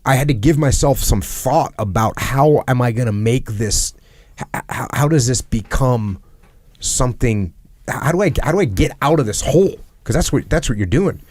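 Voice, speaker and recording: Speaking at a normal speed in a mid-range, slightly mellow voice with no echo, this middle-aged podcast host from the United States talks earnestly and reflectively. He leans on repeated phrases to drive points home in conversation.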